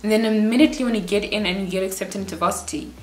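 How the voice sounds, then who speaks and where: A South African woman in her twenties giving casual life advice as a vlogger, in a quick, chatty, animated way. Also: mid-range voice. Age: 20s. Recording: roomy echo.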